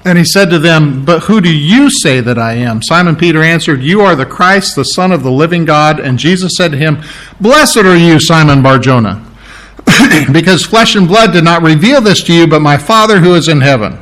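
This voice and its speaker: A man's voice: a little high, lively intonation, moderate pace, a bit bright. Man preaching a casual sermon. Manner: conversational, with restarts and self-corrections. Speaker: pastor.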